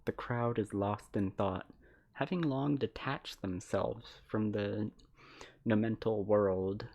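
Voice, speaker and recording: Woman streamer with a really low deep voice, reads the game out loud and cracks jokes. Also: slow. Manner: reads game text aloud and jokes about it, laughing often. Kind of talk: live game reaction stream.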